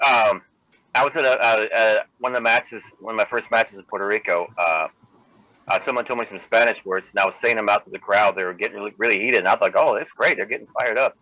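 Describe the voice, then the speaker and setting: A man, a wrestler guest on a radio panel, telling a story in a relaxed, amused way. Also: fairly low pitch, fast, no room sound, poor audio.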